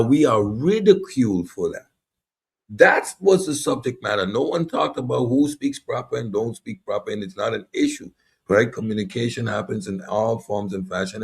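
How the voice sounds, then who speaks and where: A man with a Caribbean accent hosting a casual panel talk, animated and drawing out key words. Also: on the low side, husky. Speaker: podcast host.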